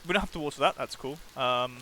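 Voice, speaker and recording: A man's voice: mid-range voice, quick pace, sharp tone, slight background noise. A man streaming a video game, chatting playfully and reading the game's text aloud, often restarting his sentences.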